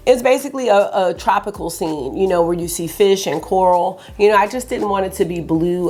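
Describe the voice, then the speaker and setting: A woman vlogger chats enthusiastically about makeup, her voice lowish and full of gravel. She still has a rough morning voice as she talks to her viewers. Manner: chatty and enthusiastic. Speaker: beauty vlogger host. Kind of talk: casual makeup chat.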